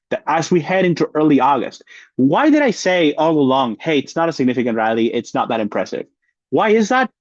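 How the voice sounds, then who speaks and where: A man's voice: fairly high pitch, a little mellow, no room sound, dull audio. Man explaining market charts, dry sound. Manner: explanatory, repeats and rephrases points. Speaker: market analyst.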